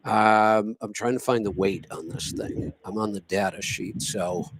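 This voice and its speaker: A man's voice: on the low side, a little slow, background noise. A man hosting a live stream, talking casually and repeating words as he thinks aloud. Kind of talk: casual talk show chat.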